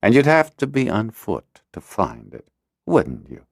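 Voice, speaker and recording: A man's voice: lowish voice, huge pitch swings, measured pace, gravelly, dry recording, clean studio sound, voice pushed up, exaggerated voice. A man voicing a haughty, suspicious male dragonrider leader in an audiobook, who talks in a commanding, scornful way.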